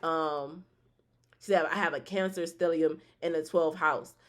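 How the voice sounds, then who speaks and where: A woman hosting a spiritual vlog, chatting casually with many fillers and restarts, slangy and excitable. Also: low-pitched, unhurried. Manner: laughing, excitable asides. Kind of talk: casual chat to viewers.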